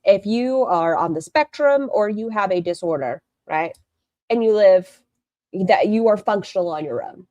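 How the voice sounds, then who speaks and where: A woman's voice: mid-range voice, animated, normal speed, darkish tone, dry recording. Blunt, sarcastic woman streamer. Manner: blunt and sarcastic, swears freely. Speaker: live-stream host. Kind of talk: live-stream reaction commentary.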